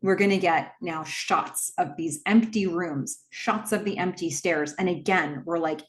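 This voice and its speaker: A woman's voice: on the low side, a little slow, few pauses. A woman casually retelling a horror film scene by scene, dropping her voice to quote the characters' dialogue. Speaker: movie recap host. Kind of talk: casual film recap narration.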